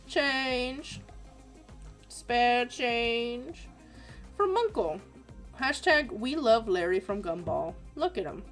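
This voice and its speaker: Giggly young woman streaming art, reads chat out loud, voice swoops a lot, soft music in the back. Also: fairly high pitch, slow pace, long pauses. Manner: giggly, reads messages aloud, animated. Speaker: art streamer reading viewer submissions. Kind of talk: casual livestream chat.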